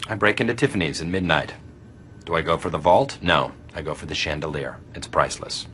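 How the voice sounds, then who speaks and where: A man telling a comic crime story in short, deadpan, clipped sentences. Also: rumbling low, a little fast, a little hiss or hum.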